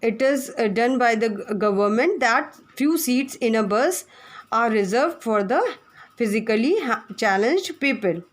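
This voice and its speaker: A woman's voice: a little high, expressive, a little slow. A woman teacher, giving a lesson to children and spelling words out letter by letter.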